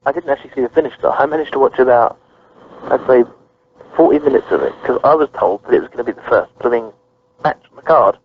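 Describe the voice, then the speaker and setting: A man's voice: medium pitch, quick pace, dry recording. A man with a British accent chatting casually about wrestling with a dry, joking manner. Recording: dull lo-fi sound.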